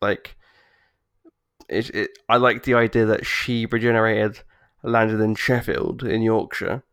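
Man, lowish voice, dry close recording, enthusiastic, rambling podcast chat. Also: little pitch movement, unhurried, a bit bright, clean tone, no room sound. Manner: rambling, enthusiastic, restarts his sentences. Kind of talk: casual chat.

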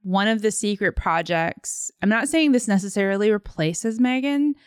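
A woman's voice: mid-range voice, expressive, normal speed, clean tone, no room sound, studio quality. A woman co-hosting a movie podcast in casual chat, giggly and rambling with many fillers. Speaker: podcast co-host.

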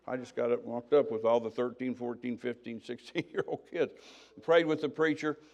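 A man's voice: mid-range voice, fairly even intonation, brisk, creaky, darkish tone. An older man preaching, telling his own story in a conversational way and acting out the dialogue. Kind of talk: sermon testimony.

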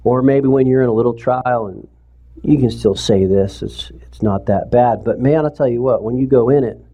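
A man's voice: mid-range voice, moderate pace, mellow. A man preaching in a church, talking conversationally to the congregation and rising to impassioned pleading. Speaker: pastor. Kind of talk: sermon. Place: church sanctuary, streamed service.

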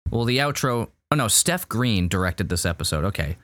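Low-voiced rambling man, dry close mic. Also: lively intonation, normal speed, a bit bright, no echo. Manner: rambling, full of fillers and restarts. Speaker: podcast co-host. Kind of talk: casual review chat.

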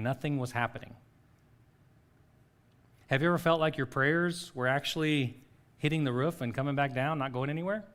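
Middle-aged male pastor, sermon, earnest questioning delivery, soft and paused when guiding reflection. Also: fairly high pitch. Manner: soft-spoken guided reflection, pauses between phrases.

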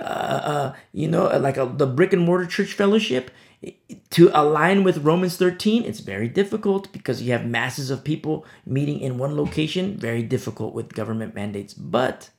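A pastor with a mid-range voice and vocal fry preaches an informal sermon on a Bible passage. He talks conversationally and acts out little scenes.

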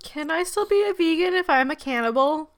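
A woman co-hosting a travel podcast in casual chat, teasing her co-host in quick, playful banter. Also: high voice, expressive.

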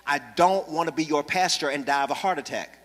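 A man's voice: fairly high pitch, a little fast, a bit bright. A man, a pastor, preaching a sermon in church with humor and calls for the congregation to respond. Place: church sanctuary. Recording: reverberant church hall.

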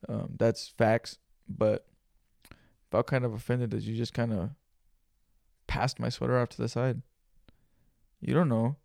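A man's voice: medium pitch, flat delivery, a little slow, gravelly, pauses often, a little mellow, no room sound, studio quality. A young man hosting a solo podcast, telling a story in loose, profane slang. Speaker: podcast host.

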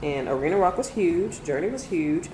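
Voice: medium pitch, animated, moderate pace, darkish tone, echoey room, a little hiss or hum, low-quality recording. A guest in a casual chat, blunt and opinionated.

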